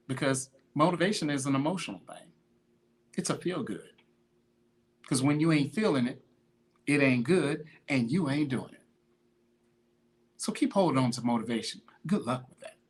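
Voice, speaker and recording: A man hosting a podcast, giving an emphatic motivational talk on consistency in a slangy, repetitive, preachy way. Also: mid-range voice. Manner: greets viewers by name mid-talk. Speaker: podcast host, fitness motivator. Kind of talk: motivational monologue.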